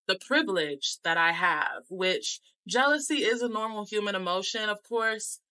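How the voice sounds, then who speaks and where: A young woman with an American accent talks straight to camera about her travels. Her voice is bright and forward at a middling pitch. She speaks candidly and conversationally, often leaning on "like". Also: poor audio. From United States. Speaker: travel vlogger. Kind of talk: casual talk to camera.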